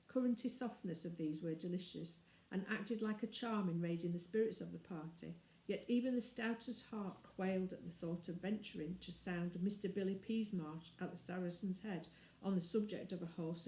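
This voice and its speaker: A woman reading a classic children's novel aloud in a clear, measured storytelling manner. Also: on the low side, dark tone. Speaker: reader. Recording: roomy echo.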